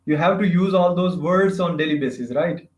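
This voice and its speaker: A man practicing English in a casual conversation over a video call, searching for words with halting phrasing. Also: fairly high pitch. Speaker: English learner. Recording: roomy, dull lo-fi video call audio.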